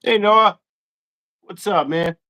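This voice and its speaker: A man's voice: high-pitched, slow, sharp tone. A man hosting a casual interview, cheering on his guests and reading out viewer questions with enthusiasm. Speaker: host, interviewer.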